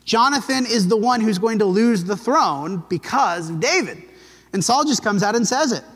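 A man teaching a Bible lesson in a relaxed, conversational way, telling the story and briefly acting out the quotes. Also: high-pitched, normal speed, breathy edge, in a large hall.

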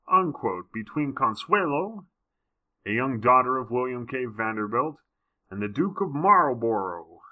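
A man's voice: medium pitch, expressive, unhurried, sharp tone, dull audio. A man reading a history book aloud, breaking off for wry, casual comments. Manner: wry asides between passages.

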